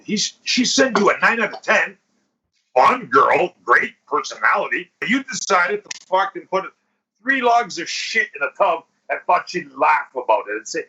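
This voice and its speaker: Profane podcast host, bright husky voice. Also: male voice, sits high, very animated, moderate pace. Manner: crude, profane storytelling, acts out quotes. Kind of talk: casual chat. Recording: lo-fi podcast recording.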